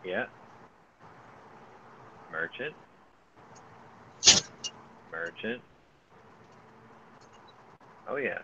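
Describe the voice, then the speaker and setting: A man's voice: lowish voice, expressive, extremely slow, pauses often, lo-fi sound, heavy background noise. A man giving casual, profane live commentary on his own gameplay, thinking aloud as he plays. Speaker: gaming streamer.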